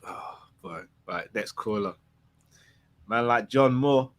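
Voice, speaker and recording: A man hosting a phone-in show, relaxed and laughing easily. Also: mid-range voice, takes it slowly. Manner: laid-back, says bruv, laughs easily. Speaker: host. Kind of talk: casual phone-in chat.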